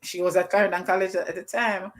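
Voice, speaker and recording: A Jamaican woman telling a childhood story on a livestream in Jamaican Creole, with an animated delivery. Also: on the low side, brisk. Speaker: guest teacher.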